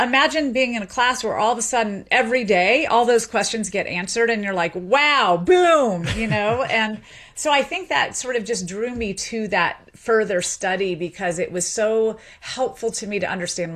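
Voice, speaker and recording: A woman from Memphis with a Southern accent, a linguistics professor answering interview questions in long, animated explanations. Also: medium pitch, brisk, hardly any pauses. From Memphis, Tennessee, USA. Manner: animated, explains at length with frequent "you know" and laughs.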